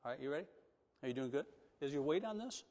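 A man with a high-pitched voice preaches to his congregation in a church sanctuary. He shifts between loud, emphatic declarations and quiet, coaxing asides. A long reverb from the hall trails every phrase. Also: expressive, fast. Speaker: pastor. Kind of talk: sermon.

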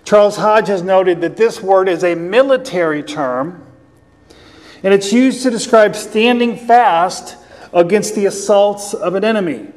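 Guy pastor preaching, kinda high voice, earnest teaching, lots of repeating for emphasis, big echoey church sound. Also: a little mellow. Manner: slows down to read scripture aloud. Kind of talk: sermon. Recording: long hall reverb.

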